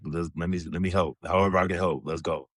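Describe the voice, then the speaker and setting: Very deep-voiced laid-back man swearing freely. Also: fairly even intonation, quick pace, no echo, clean studio sound. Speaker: podcast guest, retired pro basketball player. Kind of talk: casual storytelling interview.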